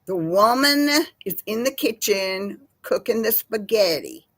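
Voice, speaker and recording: A Texan woman, older, hosting a casual chat from her home kitchen in a slow folksy drawl. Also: mid-range voice, lively intonation, a bit bright, dry recording. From Texas. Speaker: host. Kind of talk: casual chat with live chat viewers.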